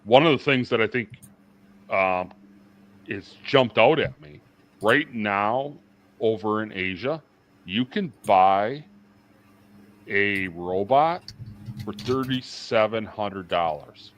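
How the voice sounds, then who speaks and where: A man's voice: on the low side, lively intonation, slow, pauses often, a bit bright. A middle-aged man chatting casually as a livestream guest, rambling with lots of fillers and restarts.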